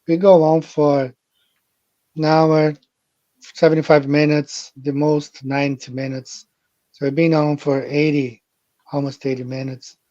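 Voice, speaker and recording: A man's voice: fairly high pitch, warm tone, no room sound. A man hosting a live stream, talking casually and rambling, repeating phrases and greeting viewers directly, on a muffled lo-fi recording. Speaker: livestream host. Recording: muffled lo-fi audio.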